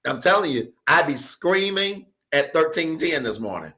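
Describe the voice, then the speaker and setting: Bright-voiced preaching man, rising to hollers. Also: a little high, very animated, normal speed. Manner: preaching with call-and-response questions, building to shouts. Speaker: pastor. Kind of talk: sermon. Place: church stage.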